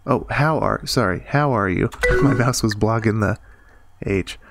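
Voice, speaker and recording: A man at his computer plays through a chat game, reading each message aloud and tossing in playful, joking asides. Loud game music plays behind his voice, with keyboard typing close by. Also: on the low side, a little slow. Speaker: gameplay host. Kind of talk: casual let's-play commentary, reading chat aloud.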